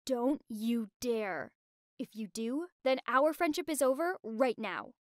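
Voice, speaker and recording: Woman doing a mean teen girl bully, scornful, threatening, high voice, dry sound. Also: lively intonation, slow, dry recording.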